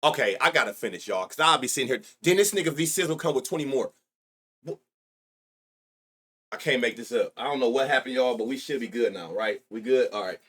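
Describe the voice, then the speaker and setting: A man runs a sports betting livestream and talks loosely to his chat, full of slang and swearing. His pitch swings widely, jumping high when he gets worked up. He sits close to a desk mic. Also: a little fast, slightly rough. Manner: loud excitable outbursts, heavy profanity, slangy. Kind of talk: casual live-stream chat.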